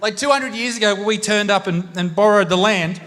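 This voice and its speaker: A man with an Australian accent doing live stand-up comedy, brash and crude, talking loudly into a handheld stage mic. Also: high voice, a little fast, slight background noise. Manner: brash, crude and loud, bursting into shouts. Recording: long reverb of a live venue.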